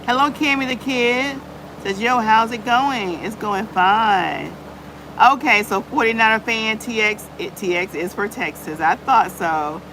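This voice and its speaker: A woman's voice: on the high side, unhurried, background noise. A woman hosting a casual live chat on her channel, greeting viewers by name and peppering her talk with "y'all". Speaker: livestream host.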